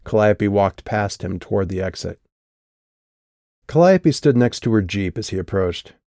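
This is a man narrating an audiobook, his pitch fairly low and his reading steady and measured. The scripted narration comes through clean, studio-style, with no echo.

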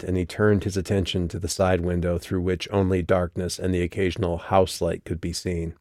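A male audiobook narrator with a deep voice tells the story in a steady, measured way. The sound is clean studio quality with no echo.

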